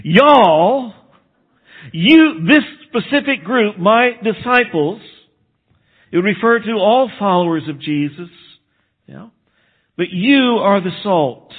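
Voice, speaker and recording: A man from Texas, a pastor, preaching a sermon in a conversational way and slowing down to stress key phrases. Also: high voice, lively intonation, breathy edge. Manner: conversational preaching, slows for emphasis. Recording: phone-like narrow band.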